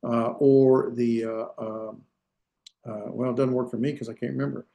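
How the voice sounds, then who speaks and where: This middle-aged Hebrew teacher has a flat, gravelly, dark voice at an ordinary pitch, captured in dull audio with a noticeable room echo. Lecturing on grammar, he hesitates, pokes fun at himself, fills pauses, and frequently corrects himself.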